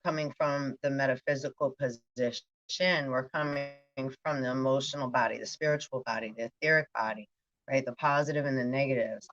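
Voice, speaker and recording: A woman's voice: a bass voice, fairly even intonation, a little fast, a bit bright, lo-fi sound. A woman giving a rambling spiritual monologue, talking in a stream of consciousness and often checking in with "right". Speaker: spiritual vlogger.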